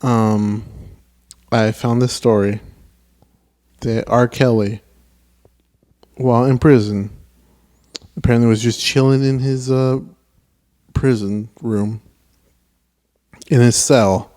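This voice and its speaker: A man's voice: medium pitch, fairly even intonation, slow, pauses often, dark tone. A man co-hosting a podcast in casual chat, telling rambling stories and quoting himself and others a lot. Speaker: podcast co-host.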